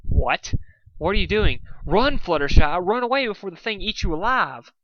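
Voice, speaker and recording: A man voicing a young male pony hero who is flustered and panicky, with high-strung yelps and babbling. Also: lively intonation, normal speed, smooth, dry recording, highs cut off. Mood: alarmed.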